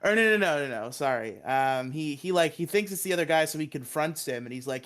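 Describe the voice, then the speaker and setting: A man's voice: medium pitch, moderate pace, hardly any pauses, smooth. A man co-hosting a podcast, eagerly retelling a show's plot in a rambling, casual way, swearing and laughing often. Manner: excited, rambling, swears and laughs often, acts out quoted lines. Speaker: podcast co-host.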